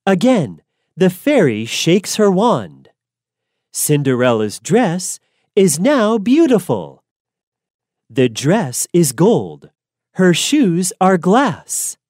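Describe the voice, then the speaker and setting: A woman narrating a simple storybook slowly and clearly for learners, deliberate and expressive. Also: lowish voice, dry recording, clean studio sound.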